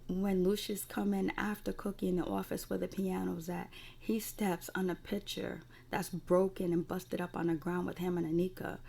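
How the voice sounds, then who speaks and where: Gravelly woman recapping a TV episode. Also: on the low side, a little mellow. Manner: rambling, profane, filler-heavy. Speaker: TV recap reviewer.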